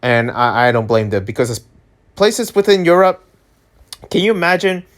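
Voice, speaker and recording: A man's voice: a little high, big pitch swings, normal speed. A young man talking casually in a rambling, filler-heavy vlog monologue. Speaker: vlogger.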